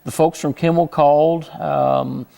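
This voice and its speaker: A gravelly, fairly high-voiced middle-aged man from Houston speaks as an interview guest. He talks casually and self-deprecatingly, stopping and restarting his sentences often. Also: steady tone, measured pace, mellow. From Houston, Texas.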